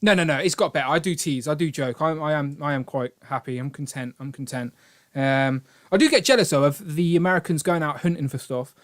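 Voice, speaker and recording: This British man's voice is a little high and fairly bright, and he keeps a brisk pace. Hosting a toy collecting stream, he chats casually, rambling, joking and reading out donations to thank his donors.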